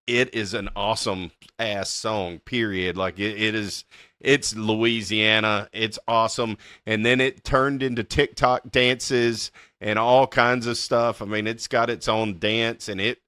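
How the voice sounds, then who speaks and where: A man's voice: lowish voice, fairly even intonation, unhurried, sharp tone, clean tone, no echo, clean studio sound. A man hosting a casual interview, enthusiastic and chatty, often laughing. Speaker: podcast host.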